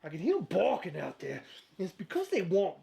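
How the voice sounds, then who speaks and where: A man's voice: high voice, wildly swooping pitch, a little fast, vocal fry, dark tone, heavily acted. Man doing a drawling old cartoon hound, folksy, with an odd, unusual timbre.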